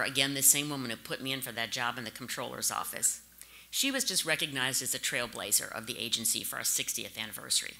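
American woman, 50s, conference speaker; anecdotal and conversational, crisp bright timbre. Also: very deep voice. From St. Louis, USA. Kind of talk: conference speech.

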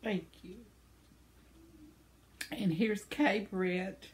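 Older woman, unhurried, casual chat reading viewer comments, tender, laughs often, mid-pitched voice. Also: fairly even intonation, slight background noise. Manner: chatty and tender, laughs often, stumbles over names. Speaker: channel host.

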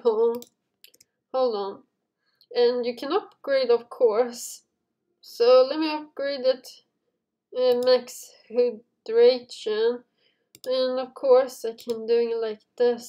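A woman's voice: fairly high pitch, dark tone. A woman hosting a casual gameplay video, chatting to viewers and giggling often as she plays. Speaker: gaming video host.

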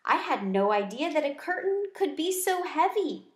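A woman reading a children's book aloud in a gentle, expressive storyteller voice. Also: sits high, moderate pace. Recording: echoey room.

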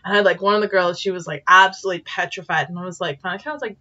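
Bright-voiced chatty woman vlogger. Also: lowish voice, rapid-fire, muffled recording. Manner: animated, many fillers, acts out quotes with squeals. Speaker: vlogger and teacher in Japan. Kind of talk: casual storytelling.

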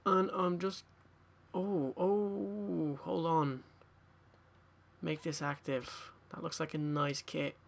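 A man's voice: on the high side, fairly even intonation, slow pace, creaky, fairly bright tone. A young man commentating a game pack opening, tired and swearing as he mutters to himself. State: tired, yawning. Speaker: gaming YouTuber.

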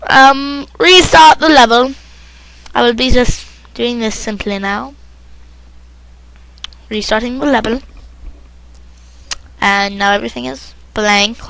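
Woman swearing her way thru a let's play, gravelly fry, kinda bright and sharp. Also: on the high side, slight background noise, poor audio. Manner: crude, swearing, rambling and goofy. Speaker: gamer. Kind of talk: casual let's play commentary.

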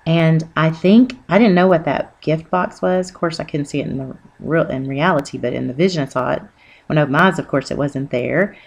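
Woman, deep voice, gravelly, earnest, halting, personal testimony. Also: darkish tone, dull audio. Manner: earnest, rambling with many fillers. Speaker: Christian testimony speaker.

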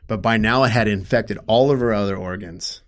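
Middle-aged man, lowish voice, interview guest; halting, emotional storytelling, gets heated. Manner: emotional, halting, restarts often, grows loud when upset. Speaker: guest telling his story.

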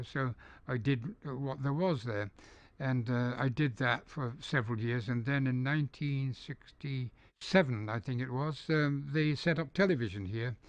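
A man's voice: medium pitch, no echo. An older man from the north of England with a neutralized mid-Atlantic English accent, telling stories in an interview with many ums and restarts. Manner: storytelling, hesitant with frequent ums and restarts. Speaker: interviewee, dubbing studio founder. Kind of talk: relaxed anecdotal interview. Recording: dull, dry lo-fi recording.

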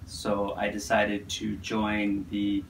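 A middle-aged American man who teaches English at a university tells stories in a casual way, acting out sounds and voices as he goes. His voice is fairly low and his pace slow, with slight background noise. He's animated throughout.

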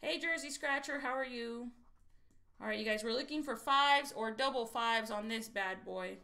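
High, bright, excitable woman streamer. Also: moderate pace, gravelly. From Texas. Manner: chatty and excitable, keeps saying "you guys". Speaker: lottery scratch-off livestream host. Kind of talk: casual livestream chat to viewers.

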